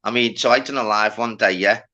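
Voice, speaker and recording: A man's voice: on the low side, fairly even intonation, a little fast, sharp tone, highs cut off. A man with a Liverpool accent hosting a live panel, telling rambling, sweary stories with lots of fillers. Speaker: livestream host. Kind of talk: casual panel chat.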